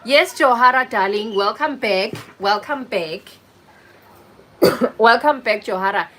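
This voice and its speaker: A woman's voice: on the high side, expressive, takes it slowly, bright, forceful tone, a little hiss or hum, low-quality recording. A woman hosting a casual livestream, chatting with viewers, greeting them by name and teasing them. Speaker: livestream host. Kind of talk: casual live chat with viewers.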